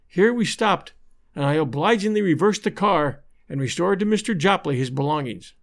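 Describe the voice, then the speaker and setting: Higher-voiced male audiobook narrator. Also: animated, moderate pace.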